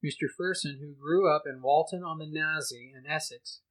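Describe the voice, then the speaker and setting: A podcast host reading a news article aloud in an exaggerated put-on Cockney accent, hamming it up as a mock newsreader. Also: male voice, fairly high pitch, normal speed, fairly bright tone, close to an everyday voice, rough recording. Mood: hammy.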